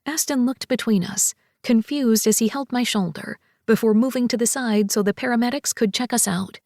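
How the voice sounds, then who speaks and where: Female first-person audiobook narrator, slightly high voice, expressive; dry close studio sound. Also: moderate pace, dry recording.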